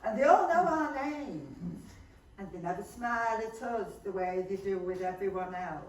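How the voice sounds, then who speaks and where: A woman's voice: mid-range voice, animated, normal speed, a little hiss or hum, close to an everyday voice. A woman playing a snobbish wealthy wife in a stage play, haughty and gushing. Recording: echoey hall, far from mic.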